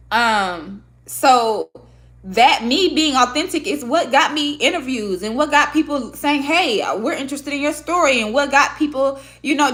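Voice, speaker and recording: A woman from Michigan, talking candidly and with plenty of swearing as she vlogs to camera. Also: high voice. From Michigan, USA. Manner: candid, profane, expressive. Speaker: vlogger and podcaster. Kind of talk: casual talk to camera. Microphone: own microphone at a desk setup.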